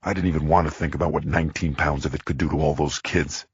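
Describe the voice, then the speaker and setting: A man narrating a crime thriller audiobook in the first person, tense and measured. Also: extremely low pitch, steady tone, breathy edge, no echo, highs cut off.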